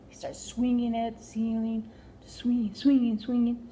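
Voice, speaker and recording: A woman's voice: fairly high pitch, level tone, moderate pace, warm tone, slight background noise. A woman telling a comic story in a rambling way, full of fillers and "like". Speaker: comedian.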